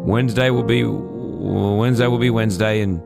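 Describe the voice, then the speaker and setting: A man's voice: fairly low pitch, moderate pace, vocal fry, loud music behind the voice. A man hosting an entertainment show, introducing guests in a playful, upbeat way. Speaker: show host.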